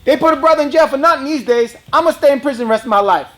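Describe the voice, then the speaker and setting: Guy doing a worked-up convict, high and loud, exclaiming everything. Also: animated, racing. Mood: incredulous.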